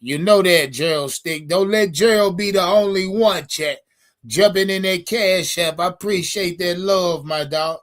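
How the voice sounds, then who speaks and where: Profane, animated high-voiced man streaming. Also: unhurried. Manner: profane, animated, addresses chat directly. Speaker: sports stream host. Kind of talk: casual live-stream chat.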